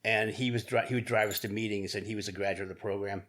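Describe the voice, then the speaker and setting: A middle-aged man with a low voice tells his own story in a casual interview. He talks frankly and profanely. He often stumbles over his words and restarts his sentences. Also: fairly even intonation, fairly bright tone. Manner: candid, profane, halting with restarts and laughs. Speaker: podcast guest.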